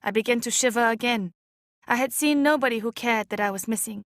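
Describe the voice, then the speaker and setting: A woman reading an audiobook chapter aloud in a measured, expressive way. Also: a little high, no room sound, studio quality. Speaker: audiobook reader. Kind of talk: scripted narration.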